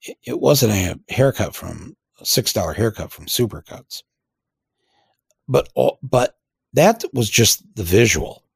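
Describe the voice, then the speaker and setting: A man's voice: lowish voice, expressive, unhurried, vocal fry, breathy edge, no room sound, studio quality. A man telling a rambling, wry anecdote, full of fillers and restarts. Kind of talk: storytelling anecdote to an audience.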